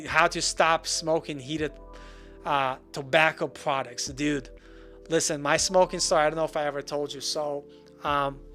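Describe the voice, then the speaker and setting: A man's voice: on the high side, a bit bright. A man in his forties, from Russia, hosting a live stream in a casual, rambling, self-deprecating way. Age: 40s. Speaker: livestream host.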